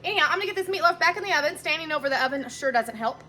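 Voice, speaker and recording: A woman with a high, animated voice talks fast and sharply, chatting casually as she cooks dinner in her home kitchen. She films on a handheld phone, which picks up a little hiss or hum. She rambles and keeps correcting herself.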